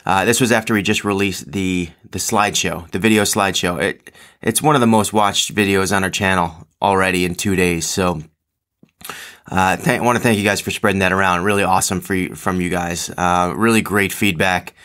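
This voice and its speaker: A deep-voiced man with a steady tone and a slightly bright sound speaks at normal speed while hosting his own podcast solo. He rambles casually, full of ums and restarts, and jokes at his own expense.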